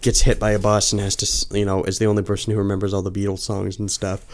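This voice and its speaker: A young man with a somewhat low voice co-hosts a podcast. He chats casually and rambles, filling his talk with ums and false starts. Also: monotone, fast, slight background noise. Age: young adult. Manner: rambling, many ums and restarts. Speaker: podcast co-host. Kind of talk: casual chat.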